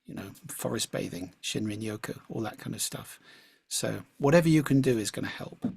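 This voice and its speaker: A man, a speaking coach, answering audience questions in a measured, reflective way and clearing his throat now and then, over a video call mic. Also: on the low side, expressive, a little mellow, no echo.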